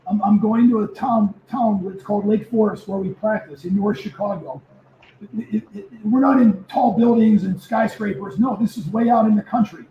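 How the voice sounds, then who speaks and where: A man in his seventies, a former football player, telling stories as a guest in a casual interview, lively and prone to repeating himself. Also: high-pitched, normal speed, a little hiss or hum. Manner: animated storyteller who repeats words. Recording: echoey, muffled remote audio.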